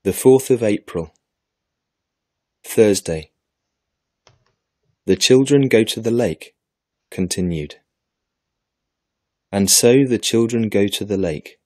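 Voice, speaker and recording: Slow, dark-voiced male narrator. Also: fairly low pitch, dry recording, clean studio sound. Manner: clear, deliberate reading. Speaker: narrator of an English lesson for children. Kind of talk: slow scripted storybook narration.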